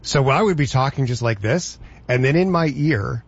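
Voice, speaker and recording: A male radio host in casual, playful banter, chatty and quick to laugh. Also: mid-range voice, animated, lo-fi sound.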